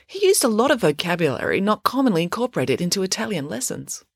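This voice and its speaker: A woman voicing a bookish teenage girl with a dry, deliberate way of talking. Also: mid-range voice, very animated, gravelly, slightly rough, dry recording, pitched above the performer's own voice, full character voice.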